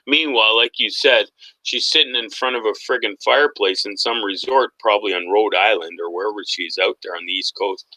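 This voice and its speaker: A man hosting a casual online talk show, animated and mocking, laughing often as he goes. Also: lowish voice, brisk, no room sound, rough recording. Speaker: podcast host. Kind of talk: casual conspiracy talk chat.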